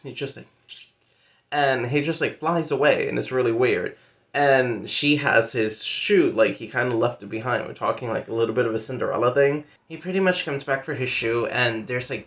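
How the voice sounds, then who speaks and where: A man's voice: medium pitch, moderate pace, a bit bright. A man in a casual book vlog, talking loosely with lots of fillers and playful asides as he retells a story. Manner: chatty, many fillers like "like" and "pretty much". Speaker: book vlogger. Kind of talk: casual monthly reading wrap-up.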